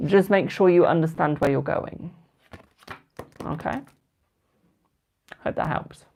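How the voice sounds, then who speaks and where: A man's voice: a little high, takes it slowly, creaky, darkish tone, a little hiss or hum. A twenty-year-old man giving tarot readings on a live stream, chatting casually and affectionately calling viewers darling and boo. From United Kingdom. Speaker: tarot reader.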